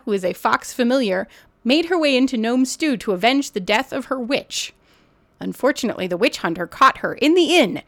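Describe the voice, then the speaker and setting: A woman's voice: high voice, fairly bright tone. A woman hosting a tabletop role-play podcast as game master, chatty and laughing often as she narrates the scene.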